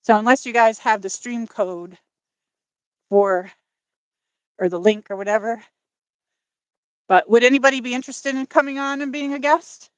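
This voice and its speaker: A woman with a fairly high voice livestreams while walking outdoors by a lake, talking to her chat through a phone on a gimbal. She's out of breath, rambling, and apologetic, and there's no room sound.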